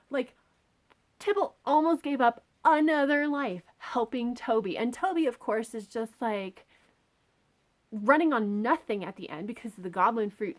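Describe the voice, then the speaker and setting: A woman reviewing a book in a casual, chatty, enthusiastic way, full of filler words. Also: a little high. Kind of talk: casual chat.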